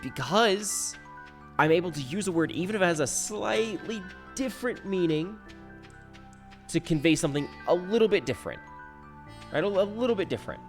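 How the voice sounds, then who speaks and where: A man streaming a game live, talking casually in a rambling, self-interrupting way full of restarts, swinging from soft mumbles to loud outbursts. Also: high voice, animated, moderate pace, faint music behind. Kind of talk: casual live-stream chat while gaming.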